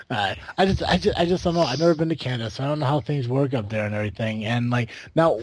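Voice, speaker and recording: Man, American podcast host, casual rambling chat, mid-pitched voice, dry close mic. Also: fast talker, no room sound. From United States. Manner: rambling with many fillers and restarts.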